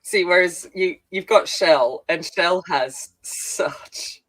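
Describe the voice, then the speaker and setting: Chatty low-voiced Australian woman. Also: a bit bright, low-quality recording. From Australia, country town. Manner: chatty, halting, laughs often. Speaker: co-host. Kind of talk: casual livestream chat.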